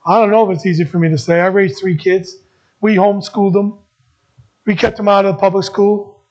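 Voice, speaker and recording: High-voiced pastor preaching earnestly. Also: male voice, fairly even intonation, fairly quick, dull audio. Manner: earnest, repeats phrases, swings between emphatic and soft. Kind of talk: sermon.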